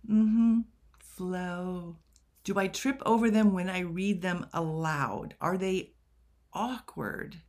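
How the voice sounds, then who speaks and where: A young woman talks through her editing checklist at an unhurried pace. Her tone is chatty, and she keeps asking rhetorical questions and making self-deprecating asides. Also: fairly low pitch, a little mellow. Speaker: writing coach. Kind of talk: casual editing tutorial.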